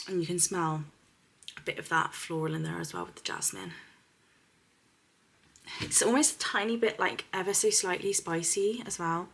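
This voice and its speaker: A young woman from the UK, a beauty vlogger, chatting casually to camera about perfumes, giggly and dropping into soft whispers. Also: fairly low pitch. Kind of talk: casual fragrance review to camera.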